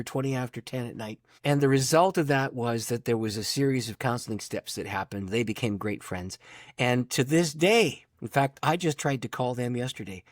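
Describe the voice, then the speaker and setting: A man's voice: mid-range voice, no room sound, clean studio sound. A middle-aged man, a pastor, telling a personal story in conversation, acting out the voices in his quotes. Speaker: pastor and author, podcast guest.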